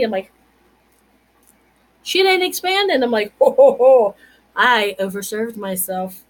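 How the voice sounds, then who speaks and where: A woman in her forties hosting a casual comedic vlog, telling stories in a chatty, animated way with playful asides. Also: a little high, rough recording. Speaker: vlog host.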